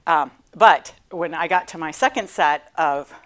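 A middle-aged woman and cancer survivor telling her own story in a class talk, animated and self-deprecating, laughing often. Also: sits low, a little slow.

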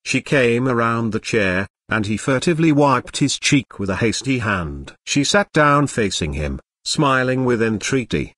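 A computer-generated man's voice reading a novel aloud in an even, machine-read manner. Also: medium pitch, a little slow, few pauses, no room sound, studio quality. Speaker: audiobook narrator. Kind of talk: synthetic audiobook narration.

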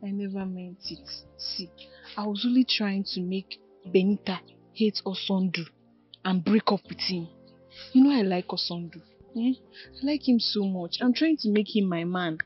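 A woman's voice: mid-range voice, normal speed, slightly rough, lo-fi sound, faint music behind, close to an everyday voice. An actress with a Nigerian accent playing a scheming young woman who taunts her friend. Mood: confessing. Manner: defiant, taunting.

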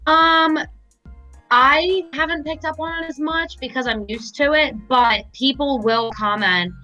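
Bright-voiced podcast co-host woman. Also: high voice, a little slow, soft background music, low-quality recording. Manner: easygoing, short agreeing replies. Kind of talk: casual chat.

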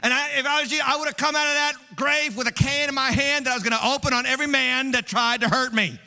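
A man preaching an Easter sermon as pastor, animated, dropping to a hush and then rising loud and fast. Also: very high-pitched, long reverb tail, soft background music. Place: large church hall.

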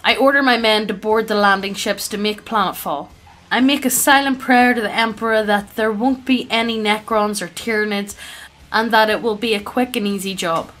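A woman's voice: medium pitch, moderate pace, fairly bright tone. A woman casually reading fan stories aloud, now and then tripping over odd names. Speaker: reader.

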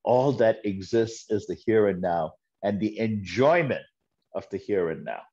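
A man speaks slowly and deliberately while delivering a sermon, and he tells parables in which he voices each character. He leans on repeated phrases to make his point. The recording sounds dull and lo-fi, like a church video. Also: on the low side, lively intonation, warm tone, husky. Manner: storytelling with quoted voices and emphatic repetition. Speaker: guest speaker at a church service.

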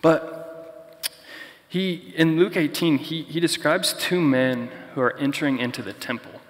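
A man's voice: fairly high pitch, measured pace, big-room sound. A young man preaching a sermon as pastor in a conversational, storytelling way. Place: church.

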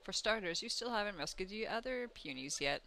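A woman's voice: medium pitch, animated, a little fast, bright, forceful tone, poor audio. A woman voicing a haughty, stubborn rival creature in a video game. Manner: haughty, dismissive. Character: stubborn proud rival puni.

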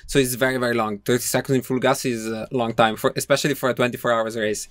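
A man in his thirties from Italy with an Italian accent, chatting as a podcast guest in halting English, pausing often and laughing easily. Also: mid-range voice, little pitch movement, no echo, studio quality. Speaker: guest racer. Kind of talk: casual podcast chat.

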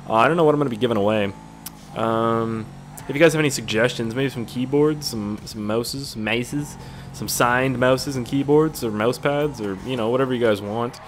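A man's voice: mid-range voice, normal speed, soft background music. A young man chatting casually while playing a game, rambling and profane, jumping between stories and the action. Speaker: gaming YouTuber. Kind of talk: casual gameplay commentary.

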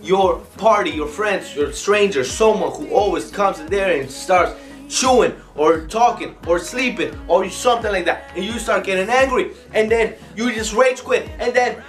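A man's voice: high voice, normal speed, soft background music. A young man hosting his own video, rambling casually with many fillers. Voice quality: rambling, heavy use of fillers. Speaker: youtuber host.

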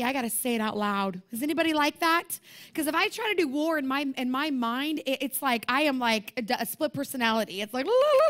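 A woman's voice: high-pitched, a bit bright. A young woman preaching at a conference, talking to the room in a passionate, conversational way and repeating her points. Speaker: conference speaker. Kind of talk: sermon.

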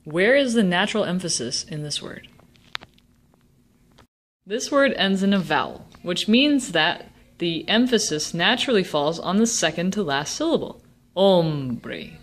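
Woman teaching Spanish in a low voice. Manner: slow, deliberate word demonstrations. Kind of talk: classroom-style explanation.

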